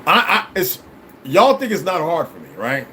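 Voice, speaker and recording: Male streamer, slightly high voice, blunt and profane, preachy rambling delivery. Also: very animated, moderate pace, pushed and bright, a little hiss or hum, low-quality recording. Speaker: livestream host talking to viewers. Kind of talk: rambling casual livestream chat.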